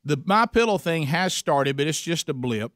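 A male interviewer with a slightly raised pitch jumps in to restate his guest's story and dig further, his voice recorded dry and close. His manner is engaged and conversational, moving easily between questions and his own reflections. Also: lively intonation, normal speed, fairly bright tone, no room sound. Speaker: interviewer involved in men's ministry.

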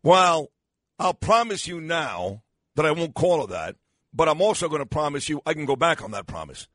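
A man's voice: on the high side, big pitch swings, moderate pace, a bit bright, no room sound. An older man hosting a morning radio talk show, rambling and self-mocking with lots of fillers, sounding tired and losing his voice. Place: radio studio.

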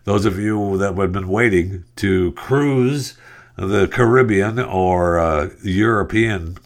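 A man's voice: deep voice, takes it slowly. A middle-aged man hosting a podcast, rambling through news stories with sarcastic asides and lots of fillers. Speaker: podcast host. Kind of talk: casual news commentary.

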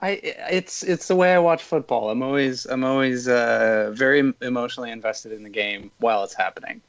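Brief: male panelist, mid pitch, hesitant and reflective, muffled lo-fi line. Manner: halting, self-correcting, reflective. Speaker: podcast panelist. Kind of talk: casual football podcast chat. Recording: dull lo-fi audio.

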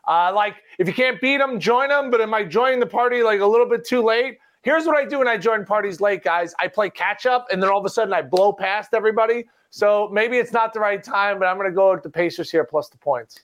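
A man on a sports betting panel, telling stories in an animated, self-deprecating way. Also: high voice, brisk, hardly any pauses. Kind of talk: casual panel chat.

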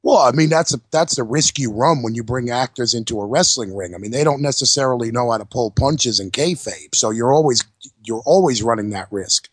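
Husky New male co-host. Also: mid-range voice, fairly quick, no room sound, clean studio sound. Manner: blunt, profane banter. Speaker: podcast co-host. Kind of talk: casual podcast chat.

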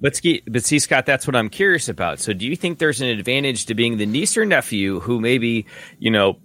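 A man's voice: mid-range voice, expressive, brisk, fairly bright tone. A man co-hosting a casual sports podcast, rambling through long hypotheticals. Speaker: podcast co-host.

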